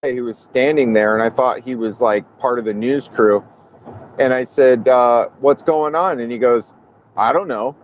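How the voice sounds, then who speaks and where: A man talks in casual conversation and slips into animated, acted-out voices when he quotes people. His sound is dull and lo-fi, with a faint vehicle hum behind him. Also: medium pitch, moderate pace. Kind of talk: casual chat.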